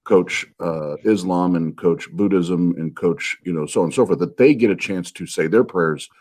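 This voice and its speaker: Deep-voiced halting middle-aged man. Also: a little mellow. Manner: halting, many restarts and fillers. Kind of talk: casual chat.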